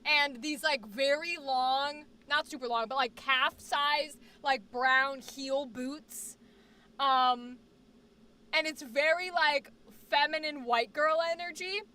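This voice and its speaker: Sitting high and slow in pace, this woman's voice belongs to a streamer and actor. She chats casually on her live stream, lively, rambling, and joking with viewers.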